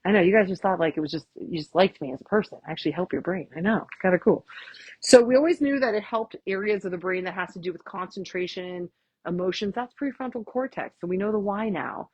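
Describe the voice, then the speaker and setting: A woman chiropractor, giving a lively, chatty workshop talk and often asking "right?". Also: medium pitch, quick pace, husky, dry recording, highs cut off. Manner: chatty, tags lines with "right?", acts out quotes. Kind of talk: casual, enthusiastic presentation.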